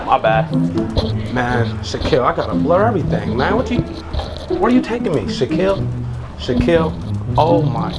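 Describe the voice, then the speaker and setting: A man's voice: a little high, big pitch swings, a little fast, long pauses, loud music behind the voice. A young man vlogging outdoors on city streets, joking and teasing his dog in comedic banter. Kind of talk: comedic walking vlog.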